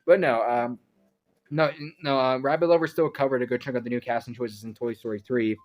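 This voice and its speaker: A man's voice: medium pitch, fairly even intonation, fairly quick, darkish tone, low-quality recording. Rambling young man reviewing casually. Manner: rambling and chatty, trailing off into tangents. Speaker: YouTube reviewer. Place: his own room at home.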